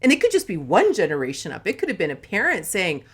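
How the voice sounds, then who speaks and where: A middle-aged woman hosting a casual live talk, chatty and quick to laugh, with lots of "like" and "right?". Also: on the low side, wildly swooping pitch, husky. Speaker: host.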